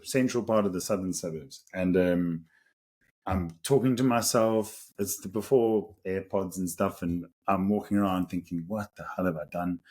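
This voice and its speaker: His voice is husky and on the low side: a South African man in his thirties co-hosting a podcast. He tells a story in a relaxed, animated way and keeps laughing as he goes.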